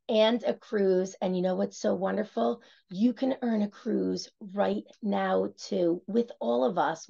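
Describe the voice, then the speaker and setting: A woman giving an upbeat, enthusiastic sales pitch and talking straight to her listeners. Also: creaky, darkish tone. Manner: enthusiastic, addresses listeners directly. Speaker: senior executive director presenting a sales event. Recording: muffled lo-fi audio.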